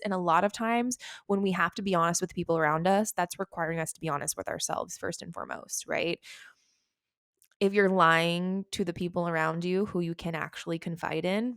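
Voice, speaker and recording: A woman in her thirties talks candidly on her solo podcast, rambling from thought to thought and swearing casually. Her voice sits a little low, and the sound is close and dry. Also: gravelly, no echo. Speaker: podcast host.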